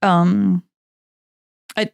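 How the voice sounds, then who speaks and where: A woman's voice: medium pitch, flat delivery, extremely slow, gravelly, darkish tone, dry recording. A woman from Ukraine, a podcast co-host and energy healer, telling a travel story in a rambling way that often restarts. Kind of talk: casual storytelling chat.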